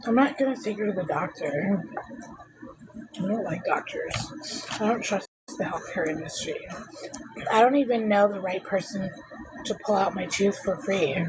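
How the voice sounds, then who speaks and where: A woman's voice: medium pitch, normal speed, long pauses. A woman livestreaming casually from her phone, rambling and complaining in an exasperated way. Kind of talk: casual live-stream chat. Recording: noisy background hum.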